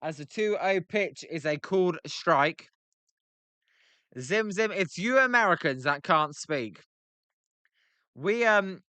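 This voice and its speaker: Chatty British man, bright clear voice. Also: high-pitched, no echo. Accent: British English. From Britain. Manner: chatty, banters with chat, plays with pronunciations. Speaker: livestream host reacting to a baseball game. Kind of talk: casual live-stream commentary, reading chat.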